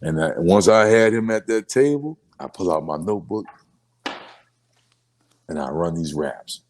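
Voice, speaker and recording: A rapper from New Orleans, Louisiana in a casual sit-down interview, telling emotional stories in street slang and filler phrases. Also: male voice, sits low, animated, a little slow, darkish tone, slight background noise.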